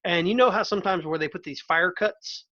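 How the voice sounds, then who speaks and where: A man's voice: high voice, brisk, bright, forceful tone, dull audio. A male podcast host in casual chat, telling a story in a playful, loose way.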